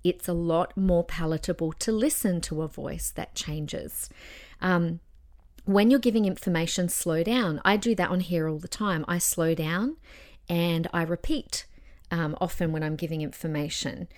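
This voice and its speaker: A woman's voice: fairly low pitch, moderate pace, a little mellow. A young adult woman hosting a casual advice podcast, talking in an encouraging way and demonstrating voice changes as she goes. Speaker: podcast host and voice coach.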